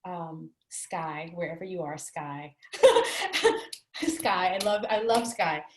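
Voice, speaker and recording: In a roomy, echoing recording with a little hiss or hum, a guest author talks in a lowish, unhurried voice. The interview is candid and conversational as she earnestly reflects on a personal story.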